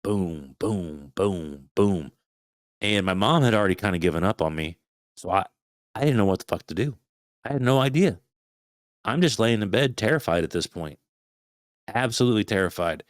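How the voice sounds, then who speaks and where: Low-voiced guy in his 30s telling a spooky story, smooth voice, dry sound, swears a lot and does the noises. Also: lively intonation, a little fast, pauses often, no room sound. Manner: swears freely, retells his own past thoughts aloud. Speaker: podcast guest. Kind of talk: casual storytelling.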